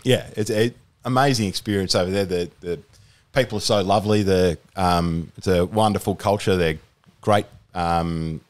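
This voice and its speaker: Deep-voiced Australian man chatting. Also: normal speed. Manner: rambling, many fillers and restarts. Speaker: podcast guest. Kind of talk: casual chat.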